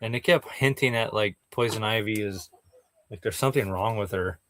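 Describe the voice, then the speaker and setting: A man's voice: fairly low pitch, moderate pace, fairly bright tone. A man co-hosting a comic book podcast, laid-back and casual, laughing often. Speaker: podcast co-host. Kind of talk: casual chat.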